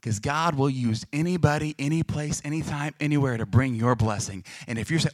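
Young pastor guy preaching, jokey and animated, does little voices for people in his stories, dry close mic. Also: mid-range voice, normal speed, few pauses, slightly rough, no room sound. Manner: lively, joking, acts out quoted voices. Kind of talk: sermon.

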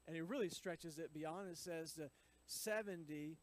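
A man's voice: a little high, moderate pace, poor audio. A man reading scripture aloud and explaining it in a chatty teaching style, with frequent asides to his listeners. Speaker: Bible teacher.

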